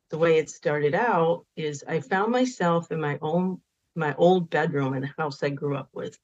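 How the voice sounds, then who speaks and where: Her voice sits low and sounds a little mellow as this woman, a spiritual counselor, shares a personal story on a podcast. She speaks earnestly, turning emphatic when emotions rise, captured in a dull, lo-fi recording.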